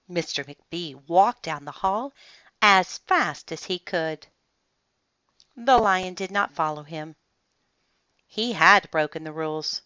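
A woman reading a children's picture book aloud in an expressive, deliberate storytelling manner. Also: lowish voice, no echo. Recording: dull lo-fi, dry sound.

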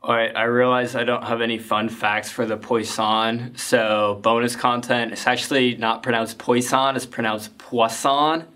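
Male statistics tutor, mid-pitched, methodical and casual, recorded a bit off-mic. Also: level tone, moderate pace, hardly any pauses, pushed and bright, recorded from a distance. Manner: plain, methodical explaining with casual asides. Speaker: statistics teacher. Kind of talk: explanatory lesson.

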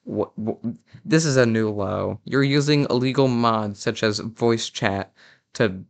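A man's voice: lowish voice, unhurried, vocal fry. A young man doing a parody commentary of a game video, sarcastic and mock-outraged, often stumbling and restarting his sentences. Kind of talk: mock-critical reaction commentary.

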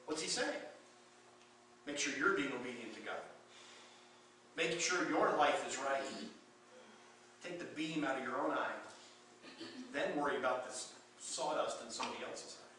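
A man's voice: mid-range voice, lively intonation, normal speed, long pauses, pushed and bright, heavy reverb, a little hiss or hum. A man preaching a sermon as pastor, emphatic, rising and falling in intensity, recorded from a distance in a church sanctuary.

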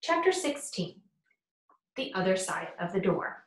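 Brief: female audiobook narrator, steady and plain, echoey recording. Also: medium pitch, a little slow. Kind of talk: storybook narration. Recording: roomy echo.

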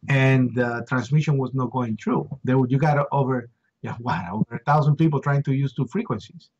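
Husky-voiced man telling a harrowing story. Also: medium pitch, fairly quick, muffled recording. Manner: animated, repeats words and acts out shouts. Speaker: interview guest. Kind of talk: emotional first-hand storytelling.

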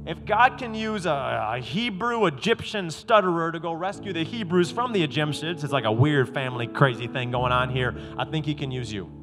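A man preaching an energetic youth sermon, acting out quotes with stammers and sudden loud bursts. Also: a little high, normal speed, few pauses. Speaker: youth pastor. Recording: live in a hall with music playing behind.

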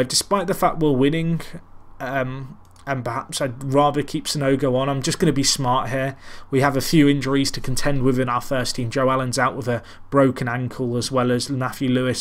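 A man talks over his football management game, calling the match like a sports commentator. He rambles and pokes fun at himself between plays. His pitch sits in an ordinary middle range for a man. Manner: rambling, self-deprecating, calls the match like a commentator. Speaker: gaming commentator. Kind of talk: casual Let's Play commentary.

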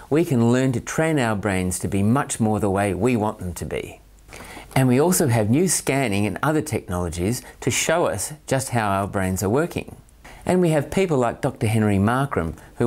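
A man's voice: fairly low pitch, darkish tone. A man with an Australian accent, a parent presenting a scripted talk in an earnest, methodical way, counting off his points by number. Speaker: parent and autism training promoter.

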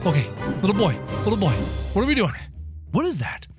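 Background music plays as a gaming narrator with a mid-range voice gives quick, in-character let's-play commentary. The delivery is playful and excitable, punctuated by yelps and laughter.

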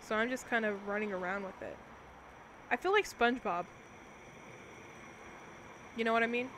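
A woman's voice: fairly high pitch, moderate pace, a bit bright, a little hiss or hum, low-quality recording. A young woman casually commentating on a cooking game she is streaming, talking playfully to her viewers as she plays.

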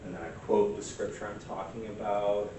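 A man's voice: on the low side, brisk, background noise. Chatty man presenting in an echoey room. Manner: relaxed, chatty, many fillers and "like". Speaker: workshop presenter. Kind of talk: casual workshop talk. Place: church meeting room. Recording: echoey room recorded from far off.

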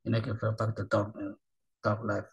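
Halting man in his thirties. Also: on the low side, monotone, husky, muffled recording. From Japan. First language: Japanese. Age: 30s. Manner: halting broken English, often trailing off softly. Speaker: reaction video host. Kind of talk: rambling casual monologue.

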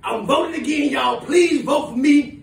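A man playing a furious, foul-mouthed woman who runs a big city, ranting in shouts and laughter. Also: extremely high pitch, moderate pace, creaky, a little hiss or hum. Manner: shouting, profane, laughing rants. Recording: echoey room, voice from far off.

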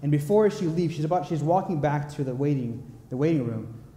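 A man preaching a sermon, telling a story in an earnest, unhurried way with pauses. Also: a little high, expressive, dark tone. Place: large church sanctuary. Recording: echoey church hall with long reverb.

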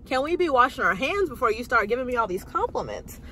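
A woman's voice: fairly high pitch, fast, slight background noise. A young woman vlogging, telling stories casually and sassily to the camera, acting out the people she quotes. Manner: animated, sassy, acts out quoted voices.

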